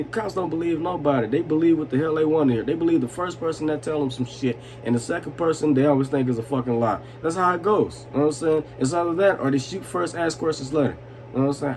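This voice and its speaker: A young man, a few vodkas in, tells a rambling vlog story full of swearing and laughter. His voice sits at an ordinary middle pitch. A faint hiss of noise runs underneath. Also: a little mellow. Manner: loose, swearing, laughing, asks "you know what I'm saying". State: tipsy from vodka. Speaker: vlogger telling a story. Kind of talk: drunk storytime, casual and profane.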